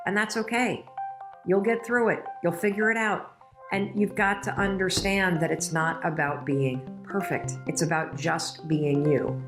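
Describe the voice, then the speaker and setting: A middle-aged woman with a fairly low voice delivers a motivational talk. She is emphatic and emotional and speaks directly to her listeners, with faint music underneath.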